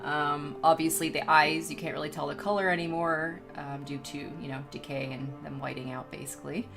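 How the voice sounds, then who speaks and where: A woman narrating a tabletop horror game as game master, in a measured, descriptive way with frequent ums. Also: sits low, steady tone, music in the background.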